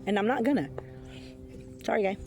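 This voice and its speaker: A woman's voice: medium pitch, brisk, creaky, music in the background. A woman telling a personal story in a casual vlog, blunt and profane, rambling with fillers and frequent laughs. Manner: rambling with many fillers and restarts. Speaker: intuitive reader.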